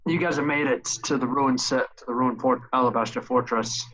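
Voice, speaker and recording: A man at a middle pitch narrates a tabletop game as its game master. He sets each scene with careful, halting description and pauses to find his words. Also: fairly even intonation, sharp tone, low-quality recording. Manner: hesitant, descriptive scene-setting.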